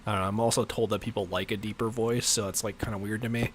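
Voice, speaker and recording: A man with a deep, low-pitched voice talks through a gaming livestream in a loose, rambling way, full of fillers and little chuckles. The recording carries a clear bed of steady background noise. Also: quick pace. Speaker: livestream gamer. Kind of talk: casual gameplay chat.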